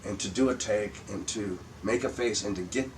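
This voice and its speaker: A man's voice: on the low side, moderate pace, recorded from a distance, slight background noise, low-quality recording. Older man telling profane stage stories. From Michigan. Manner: anecdotal, profane, restarts and acts out quotes. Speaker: guest comedian. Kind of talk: casual storytelling chat.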